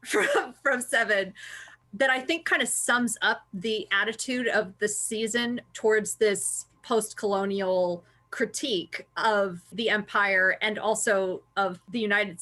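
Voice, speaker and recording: A woman's voice: mid-range voice, unhurried, bright, forceful tone. A woman co-hosting a casual review podcast, talking with enthusiasm and analysis and laughing often. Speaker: podcast co-host.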